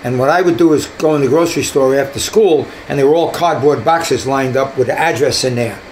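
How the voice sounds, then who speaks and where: A man's voice: medium pitch, a little fast, slight background noise, low-quality recording. An older man, a retired detective, telling stories from his career in an interview, acting out the voices he quotes. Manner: animated, acts out quoted voices. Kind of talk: storytelling in an interview.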